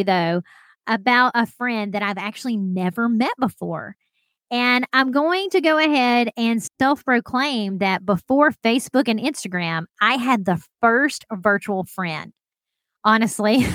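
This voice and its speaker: A woman's voice: a little high, a bit bright, no echo. Chatty upbeat woman podcaster. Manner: chatty, upbeat, laughs often. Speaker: podcast host. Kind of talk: solo podcast talk.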